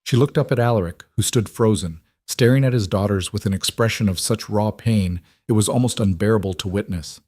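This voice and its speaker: A man narrating a romance story in a measured, dramatic way. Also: fairly low pitch, a little mellow, dry recording, studio quality.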